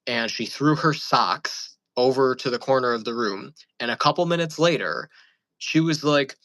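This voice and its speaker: A man's voice: medium pitch, moderate pace, bright, forceful tone, no echo, rough recording. A man talking casually to camera, rambling through amused stories with many fillers and restarts. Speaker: channel host.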